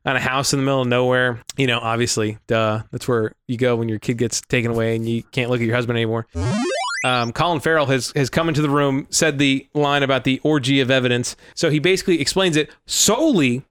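A man casually retelling a film plot in a rambling, animated way, full of "like" and "you know.". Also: mid-range voice, quick pace, clear, resonant tone.

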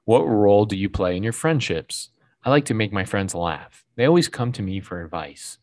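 A man co-hosting a casual movie podcast, reading out quiz questions in a relaxed way. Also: lowish voice, normal speed, no echo, studio quality. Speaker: podcast co-host.

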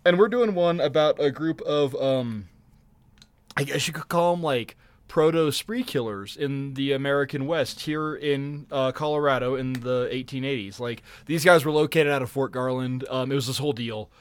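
A man's voice: mid-range voice, normal speed, smooth, dry recording. A man co-hosting a podcast, telling a long story in a rambling, profane way full of restarts. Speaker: podcast co-host. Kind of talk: casual chat.

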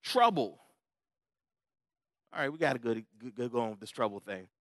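A pastor preaching a conversational sermon, repeating key words for emphasis and checking in with the congregation. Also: male voice, medium pitch, big pitch swings, normal speed, dry recording. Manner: repetitive, emphatic phrasing.

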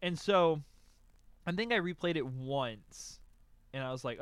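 A young man chatting casually on a podcast, telling a story and acting out his own excited reactions. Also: a little high, unhurried, clean tone, no echo. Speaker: podcast co-host. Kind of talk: casual chat, album reaction.

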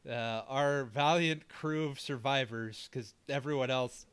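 A man co-hosting a casual podcast, recapping a film's plot with jokes and quick comic impressions of the characters. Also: mid-range voice, a bit bright, clean tone, no echo. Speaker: podcast co-host. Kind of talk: casual movie recap banter.

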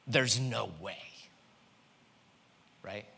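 A man preaching a sermon, animated, swinging between loud passages and hushed ones. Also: on the low side, drawn-out words, vocal fry, husky. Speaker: pastor.

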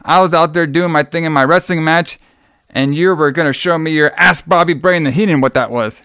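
A man doing a jokey impression of a vain, offended male wrestler, pitched well above his own voice. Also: a little fast, fairly bright tone, clear, resonant tone, no echo, studio quality. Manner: outraged, whiny.

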